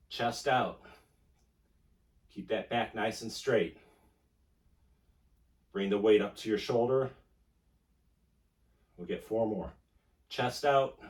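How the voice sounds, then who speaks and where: Male fitness instructor talking through reps, low voice, distant echoey room sound. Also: darkish tone. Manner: coaching, talks while exercising. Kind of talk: casual workout instruction. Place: indoor home room.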